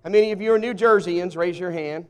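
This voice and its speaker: Southern US pastor, fairly high voice, jokey and folksy with the crowd, long hall reverb. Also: male voice, quick pace, clean tone. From Southern US (Arkansas). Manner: folksy, jokey, talks straight to the congregation. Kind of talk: humorous sermon. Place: church sanctuary with a live congregation.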